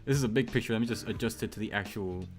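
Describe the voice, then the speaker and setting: A man's voice: on the low side, racing, faint music behind. A man from Puerto Rico hosting a casual group chat, laughing often and cutting in. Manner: laughs often, talks over others. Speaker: podcast host.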